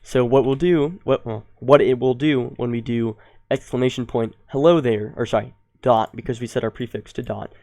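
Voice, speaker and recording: A young man hosting a coding tutorial, explaining step by step and thinking aloud, with ums and quick self-corrections. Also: medium pitch, steady tone, dark tone, no room sound. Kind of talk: screen-recorded coding tutorial.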